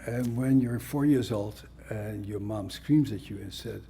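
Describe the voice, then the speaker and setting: Gravelly guy giving a talk, dark mellow voice, blunt and jokey. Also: lowish voice, a little slow, hardly any pauses, a little hiss or hum. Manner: blunt, conversational, wry humor. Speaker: psychiatrist lecturer. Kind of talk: conference lecture.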